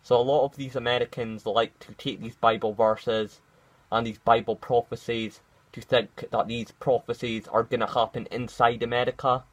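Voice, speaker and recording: Guy rambling to camera, lots of ums and restarts, mid-pitched voice. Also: poor audio. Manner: rambling and conversational, with many fillers and restarts. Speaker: vlogger. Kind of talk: casual commentary to camera.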